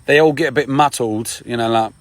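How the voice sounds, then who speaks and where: A man's voice: medium pitch, brisk, no echo. A man chatting casually on a live stream outdoors by a river, rambling with many fillers and laughing often. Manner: rambling, full of fillers and repeated "you know what I mean".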